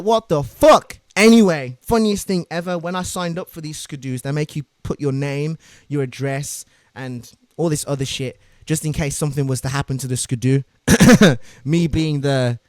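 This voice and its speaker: A young man telling a wild story as a streamer, swearing, shouting and making sound effects as he goes. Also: a little high, normal speed, no echo. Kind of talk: animated storytelling.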